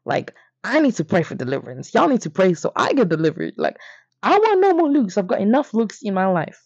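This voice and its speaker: A young man, casually telling a story on his podcast, animated and playful, jumping up in pitch for emphasis. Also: a little fast, vocal fry, husky, dry recording. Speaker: podcast host. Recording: dry, slightly dull lo-fi.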